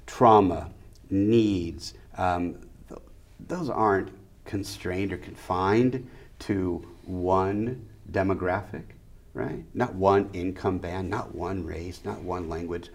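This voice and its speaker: A middle-aged man with a very low, deep voice, talking as an educator in an interview. He hammers his points home, stacking short phrases into rhythmic lists. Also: slow pace, a little mellow. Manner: emphatic, repeats key phrases in rhythmic lists. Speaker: educator and school leader. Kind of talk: interview conversation.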